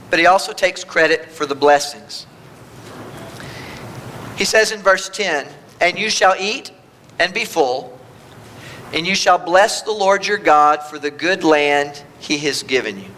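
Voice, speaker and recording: Male pastor, sermon delivery; high pitch, bright forceful tone, emphatic. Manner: emphatic preaching, voicing God in first person.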